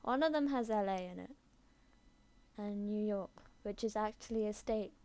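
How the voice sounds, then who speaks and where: Speaking at normal speed with a medium-pitched, dark-toned voice, this woman from England records an audio message as a video blogger on her computer's built-in mic. She's chatty and giggly, rambling along with plenty of "like" and "you know."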